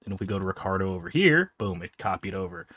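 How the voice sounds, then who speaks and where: A low-voiced man running a tabletop game, often talking half to himself as he clicks through menus. The sound is dry and close, with no room around it. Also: very animated, fast, no echo. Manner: mutters to himself while clicking through software. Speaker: game master. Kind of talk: casual chat while setting up a tabletop game.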